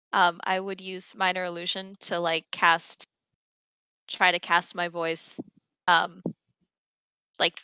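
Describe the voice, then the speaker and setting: Low, bright-voiced woman gaming with friends. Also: vocal fry, smooth, no echo, low-quality recording. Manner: chatty, thinks aloud with fillers. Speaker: player. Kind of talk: casual tabletop game play.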